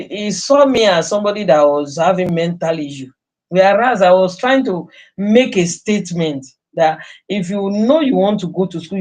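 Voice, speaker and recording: A woman's voice: fairly low pitch, a little mellow. A middle-aged woman with a Nigerian accent, a nurse telling her life story in an earnest, emphatic, conversational way. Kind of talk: personal storytelling.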